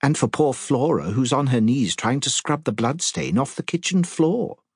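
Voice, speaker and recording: A man voicing a young vicar's wife who talks in a brisk, teasing, quick-witted way. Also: medium pitch, animated, creaky, breathy edge, no room sound, studio quality, voice pushed up.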